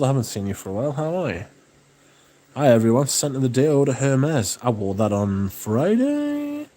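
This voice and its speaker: A man hosting a livestream, chatting casually and reading out viewer comments, relaxed and enthusiastic with plenty of swearing. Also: medium pitch. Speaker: livestream host.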